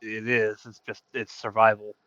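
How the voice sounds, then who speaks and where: A man's voice: on the low side, monotone, normal speed, sharp tone, no room sound, lo-fi sound. A man playing a tabletop game, chatting casually and swearing offhandedly. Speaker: player.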